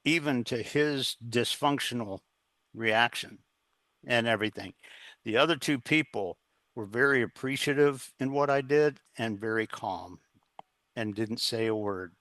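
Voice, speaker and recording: Bright-voiced man telling a story. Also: medium pitch, measured pace, no room sound. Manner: earnest, anecdotal, quotes others in dialogue. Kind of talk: casual interview storytelling.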